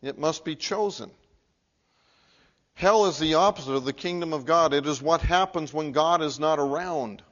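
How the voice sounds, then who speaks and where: A man preaching a sermon, muffled and lo-fi. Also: normal speed. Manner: earnest, building to emphatic peaks then dropping low and quiet. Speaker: pastor. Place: church sanctuary. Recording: muffled, lo-fi recording.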